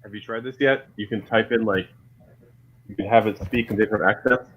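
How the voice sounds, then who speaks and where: A man co-hosting a podcast in casual chat on a headset, eager and excitable. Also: fairly low pitch, brisk, husky, low-quality recording. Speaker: podcast co-host. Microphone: headset on a voice call.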